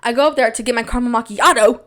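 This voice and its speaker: Slightly high, self-mocking young woman. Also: rapid-fire, a bit bright. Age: young adult. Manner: self-deprecating, rambling, with big jumps in pitch when quoting. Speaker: podcast host. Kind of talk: casual storytelling monologue.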